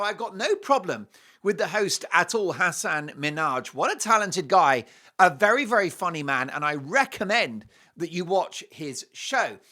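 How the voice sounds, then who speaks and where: Brief: man, opinion host; sarcastic monologue, bright tone, big swings in pitch. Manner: sarcastic, mocking, theatrical outbursts. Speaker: talk show host.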